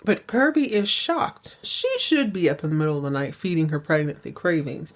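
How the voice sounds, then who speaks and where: A woman's voice: sits low, big pitch swings, moderate pace. A woman hosting a podcast, recapping episodes in casual, sassy chat with many asides. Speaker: podcast host.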